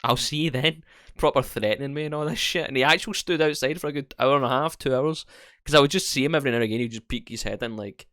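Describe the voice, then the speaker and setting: A young man, co-hosting a podcast and telling animated, sweary stories, acting out both sides of each exchange. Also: medium pitch, very fast, no echo, studio quality. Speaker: podcast co-host. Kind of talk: casual storytelling chat.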